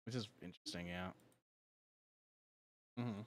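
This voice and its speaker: A young male livestreamer with a deep voice chats casually on a live stream, unhurried and rambling, with lots of fillers and frequent laughter. The recording is dry.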